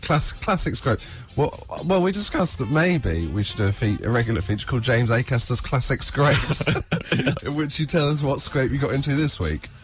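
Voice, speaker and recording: A man's voice: mid-range voice, expressive, moderate pace, few pauses, soft background music. A man hosting a radio show, teasing his guest with dry quips in casual banter. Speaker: radio host.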